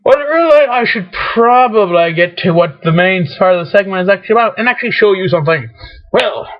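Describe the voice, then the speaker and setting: A high-voiced young man chatting to the camera in a rambling, excitable way. He keeps restarting his sentences and slips into frantic acted-out rants. The audio is dull and lo-fi, like an old webcam mic. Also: a little fast. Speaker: vlogger. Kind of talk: rambling casual vlog.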